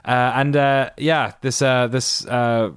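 A man's voice: medium pitch, steady tone, slow, smooth, no echo. A man co-hosting a casual podcast, hesitant and full of fillers, with dry sarcastic asides. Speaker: podcast co-host. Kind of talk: casual chat.

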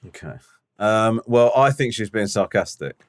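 A man's voice: fairly low pitch, lively intonation, normal speed. A young man co-hosting a podcast in casual chat, sardonic and mock-disgusted, with a lot of swearing. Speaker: podcast co-host.

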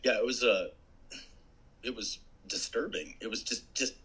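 Husky, bright-voiced middle-aged man. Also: mid-range voice, unhurried, low-quality recording. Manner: blunt, profane, dry humor. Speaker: guest, army tank veteran. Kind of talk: casual chat.

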